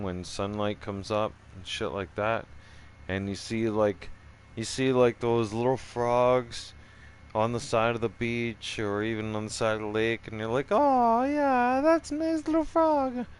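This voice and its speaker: A man's voice: on the low side, flat delivery, moderate pace, clear, resonant tone. A middle-aged man telling a profane, rambling story in casual chat, full of "right?" asides. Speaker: streamer.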